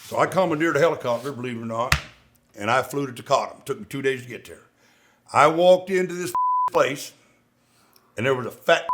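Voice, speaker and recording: Over a noisy background, a middle-aged man with a slightly high voice recounts war stories as a podcast co-host and Marine veteran. The chat is casual, and he's animated and profane, performing the dialogue in a raised voice.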